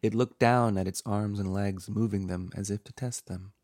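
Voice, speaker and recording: A man hosting a horror podcast, reading a scripted horror story with dramatic, measured delivery. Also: fairly low pitch, steady tone, darkish tone, no room sound, clean studio sound. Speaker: horror podcast host and narrator. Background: faint music.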